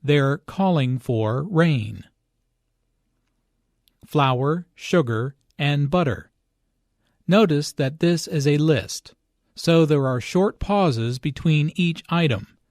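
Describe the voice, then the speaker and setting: A man explaining English phrases in a scripted lesson, speaking slowly with careful stress on key words. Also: a little high, darkish tone, no room sound, studio quality. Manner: slow, careful, clearly stressed delivery. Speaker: English teacher. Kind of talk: scripted lesson narration and dialogue.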